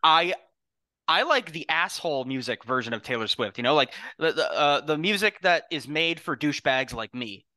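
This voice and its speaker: Young male podcast co-host, bright forceful tone, dry close mic, sarcastic and swearing. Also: on the high side, expressive, moderate pace, dry recording. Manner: sarcastic, self-mocking, swears a lot. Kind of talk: casual crude banter.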